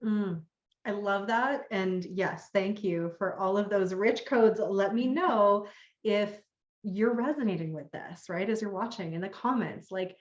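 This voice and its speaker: A woman's voice: medium pitch, unhurried. A woman hosting a live-streamed group conversation, affirming and enthusiastic as she speaks to her guest and viewers over a video call. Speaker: host. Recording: roomy, dull lo-fi call audio.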